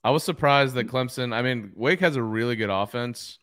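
A man hosting a college football podcast, speaking in a measured way and steering the conversation with questions. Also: mid-range voice, fairly bright tone. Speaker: podcast host. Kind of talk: casual sports chat.

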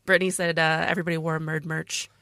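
Upbeat woman co-host, bright and forceful, dry mic. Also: low voice, level tone, fast talker, no room sound. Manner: upbeat, reads out viewer comments. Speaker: podcast co-host. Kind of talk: casual chat on a live stream.

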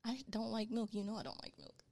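A woman's voice: on the high side, steady tone, fast talker, gravelly, darkish tone. A young woman co-hosting a casual chat, talking loosely and filling gaps with "like.". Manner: chatty, trailing off with lots of "like".

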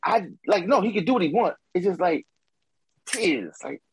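A man co-hosting a casual sports chat over a remote call, animated and full of stammering restarts. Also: sits high, moderate pace, slight background noise, rough recording. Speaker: sports podcast co-host.

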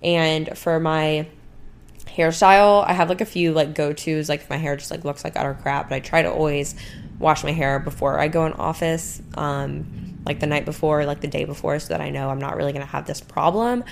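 A woman's voice: low-pitched, fairly even intonation, moderate pace, vocal fry, slight background noise. A young woman chatting casually about her daily routines, filling her talk with "like" and "um". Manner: chatty, many "like" and "um" fillers. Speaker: lifestyle vlogger. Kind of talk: casual chat.

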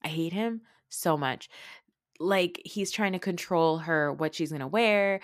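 Lady podcaster ranting about reality tv, lowish voice, swears a lot, dry close sound. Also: lively intonation, no room sound. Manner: blunt, opinionated, swears freely; mocks people with quick impressions. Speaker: podcast host. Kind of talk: casual reality TV recap.

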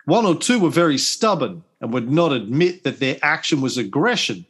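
A man's voice: on the high side, sing-song, normal speed, fairly bright tone, breathy edge. Guy reading history on a podcast, voice jumps around a lot, dry jokes in between. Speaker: podcast co-host and narrator.

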